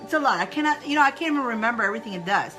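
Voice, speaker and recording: Bright chatty woman hosting a live stream. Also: on the high side, very fast, faint music behind, rough recording. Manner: chatty and excitable, breaks into laughter. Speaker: spiritual live-stream host. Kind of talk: casual live-stream chat.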